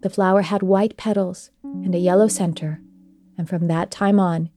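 Mellow-voiced woman telling a myth. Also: fairly low pitch, steady tone, normal speed, faint music behind. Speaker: storyteller and show host. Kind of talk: storybook narration.

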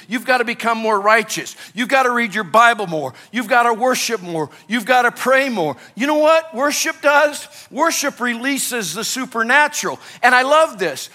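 A male pastor delivers an energetic sermon in a very high voice for a man. His tone is bright and forceful, and he keeps drawing the congregation in with rhetorical questions.

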